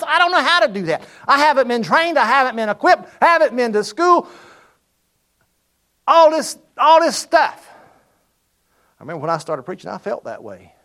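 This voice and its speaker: A middle-aged man, preaching a sermon in a storytelling way that builds from quiet asides to loud, ringing appeals. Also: on the high side. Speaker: pastor.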